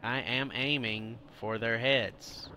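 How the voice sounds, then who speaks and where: A man's voice: medium pitch, fairly even intonation, slow, background noise. A man giving gameplay commentary, exasperated and grumbling with mock-formal asides, his throat sore and coughing. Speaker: gamer.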